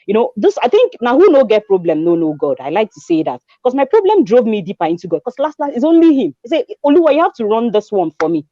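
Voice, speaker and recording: A woman in her twenties with a Nigerian accent, telling her story in an animated way as a guest, acting out dialogue and mixing in pidgin. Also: on the high side, fast talker, few pauses, no echo, muffled recording. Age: 20s. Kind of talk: conversational testimony.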